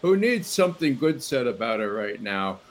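A man's voice: medium pitch, big pitch swings, normal speed. Man, guest, earnest, indignant, quoting sources, remote call. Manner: earnest, indignant, quotes officials. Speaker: former intelligence analyst guest. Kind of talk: roundtable discussion.

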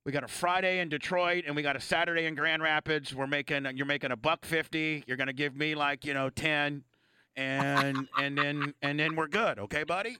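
Radio host guy, brash and cussing a lot, tense bright voice, dead dry mic. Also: a little high, fairly even intonation, moderate pace, clear, resonant tone, dry recording. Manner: loud, profane, riffing with mock gambler talk. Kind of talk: casual profane banter.

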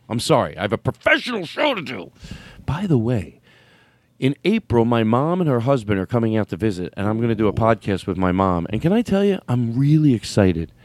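Animated man hosting a studio podcast. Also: normal speed, no room sound. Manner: rambling, animated, laughs and yelps high when joking. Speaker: podcast host. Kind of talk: casual comedy podcast banter.

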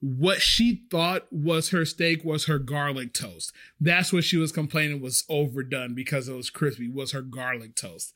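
A man who works as a restaurant server, telling a story in a chatty, animated way. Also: on the high side, moderate pace, hardly any pauses. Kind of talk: casual storytelling.

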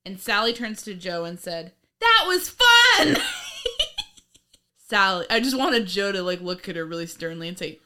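A woman co-hosting a casual podcast recap, animated and laughing, often swearing and acting out lines from the episode. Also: fairly low pitch, a little fast, few pauses, smooth. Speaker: podcast co-host.

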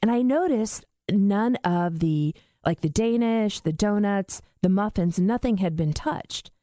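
A woman sits in casual conversation and tells a family story with lively energy. Her voice sits at a middle pitch, and the recording is dry and close. She swears freely as she talks. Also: measured pace, no room sound.

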